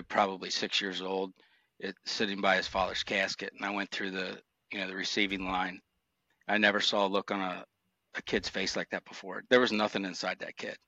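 A man speaking in a bright, forceful voice that stays flat and even in pitch. He recounts his police years earnestly and reflectively, close to a dry microphone. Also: no room sound. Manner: earnest, reflective, emotional recollection. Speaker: retired motor cop guest. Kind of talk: candid interview storytelling.

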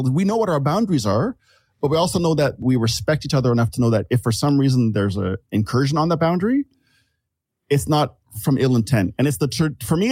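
A man's voice: mid-range voice, a little mellow, dry recording. A man chatting as a podcast guest, a reflective storyteller who often restarts his sentences and calls himself an overthinker. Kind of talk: casual podcast conversation.

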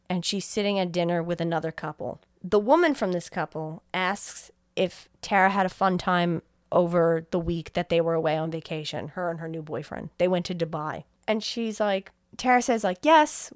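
A woman's voice: medium pitch, no room sound, studio quality. A young woman, a podcast co-host, casually retelling a film's plot, acting out the characters' lines and swearing freely. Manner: animated storytelling, acting out quotes, swears freely. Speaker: podcast co-host recapping a film.

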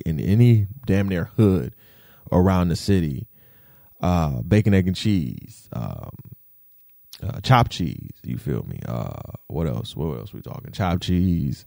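A man talking in a casual rant, animated, swearing freely and tossing in fillers like "you feel me". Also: sits low, gravelly, no room sound, studio quality. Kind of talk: casual rant, podcast-style chat.

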